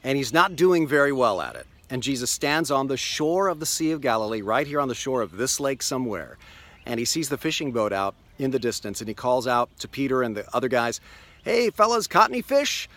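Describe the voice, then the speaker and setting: A man's voice: medium pitch, lively intonation, fairly bright tone. Male pastor, earnest devotional storyteller, recorded outdoors on a lakeshore. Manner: earnest, storytelling, slows for emphasis. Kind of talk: daily video devotional.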